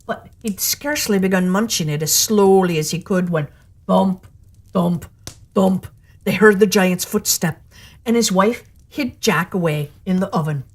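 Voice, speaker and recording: A woman storyteller reading a fairy tale aloud with lively, expressive delivery. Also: medium pitch, measured pace.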